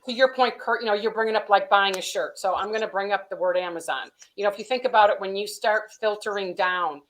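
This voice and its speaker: A woman's voice: medium pitch, quick pace, a bit bright, poor audio. A woman, a company vice president, explaining practical steps in a business interview, chatty and advising, with many "you know" and "um" fillers. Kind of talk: conversational explainer in a business webinar.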